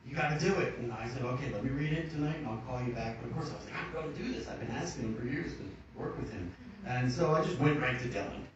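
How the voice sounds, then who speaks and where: A man's voice: mid-range voice, fast, background noise. A man spins loose, jokey anecdotes as a guest actor at a screening Q&A. His voice comes from well away from the mic, bouncing around a big echoey cinema with a slightly muffled sound. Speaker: actor on a Q&A panel. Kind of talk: joking panel storytelling. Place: cinema auditorium. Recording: echoey muffled hall audio from far off.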